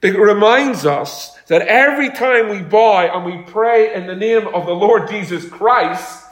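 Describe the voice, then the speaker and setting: A man's voice: sits high, expressive, measured pace, fairly bright tone. A man preaching a sermon as pastor, talking in a conversational way and telling homely stories. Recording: echoey room.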